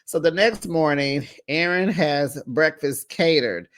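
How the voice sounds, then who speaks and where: A host recapping reality TV episodes in a chatty, sassy way, with drawn-out asides. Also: medium pitch, a bit bright. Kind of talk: casual recap commentary.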